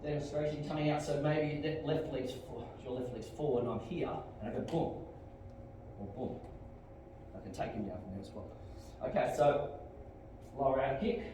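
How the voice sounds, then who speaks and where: A middle-aged man with an Australian accent teaching a martial arts class, explaining techniques and barking sharp commands and kiai shouts. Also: medium pitch, normal speed, long pauses. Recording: very echoey hall, distant mic, faint room noise.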